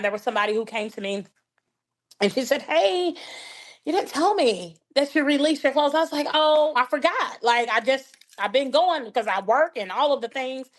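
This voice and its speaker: A woman guest on a podcast, a life coach telling faith-filled stories and acting out the people in them. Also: high voice. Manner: animated, acts out dialogue in her stories. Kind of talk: faith-based conversational storytelling.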